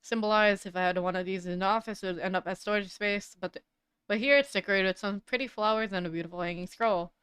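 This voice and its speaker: A woman streamer reads a game's text aloud in a casual voice, dropping wry asides between the lines. Her tone is very smooth and clean, and the sound is dry and close, as if she is right at the mic. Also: mid-range voice, quick pace, a bit bright, no room sound. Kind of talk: reading game dialogue aloud with asides.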